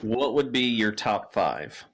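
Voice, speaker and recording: A man's voice: on the low side, sing-song, slow pace, fairly bright tone, slight background noise. A man co-hosting a podcast, asking the guest questions and chatting enthusiastically. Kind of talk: casual chat.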